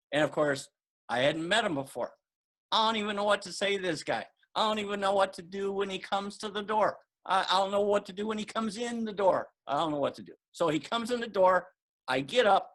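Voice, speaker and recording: A man telling a personal story in a casual, animated way, acting out the dialogue he quotes. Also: a little high, low-quality recording. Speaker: martial arts guest answering questions. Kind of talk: casual storytelling on a video call.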